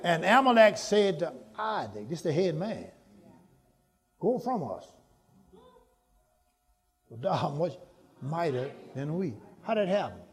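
A man preaching a sermon, calling to the congregation for answers and climbing into shouts. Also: a little high, big pitch swings, unhurried, long pauses, some chatter behind. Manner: call-and-response preaching, rising to shouts.

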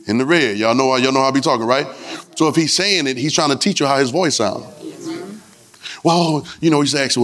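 A man's voice: medium pitch, a little fast, fairly bright tone. A man with a Louisiana accent, preaching a sermon in a church with playful, rhythmic call-and-response. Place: church sanctuary.

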